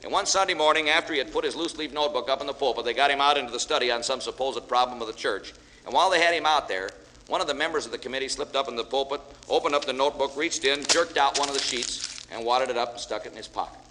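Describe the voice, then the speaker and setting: A man's voice: mid-range voice, fast talker, sharp tone. A man giving a humorous speech to an audience, telling folksy jokes and stories as a guest speaker. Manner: folksy storyteller, joking with audience. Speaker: after-dinner speaker. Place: large banquet hall with audience. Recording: echoey hall, faint hiss.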